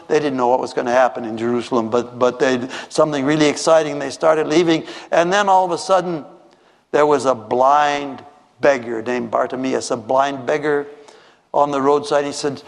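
A man tells a story in a sermon, lively and a little high-pitched, jumping into character voices. He stumbles and restarts often. His voice rings out in a large echoey hall. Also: fairly quick. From Minnesota. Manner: animated, acts out voices in his stories, many restarts. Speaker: preacher.

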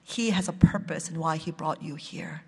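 A church language-ministry director telling a personal testimony, halting along with many fillers and restarts. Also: medium pitch, gravelly, darkish tone, slightly rough, in a large hall.

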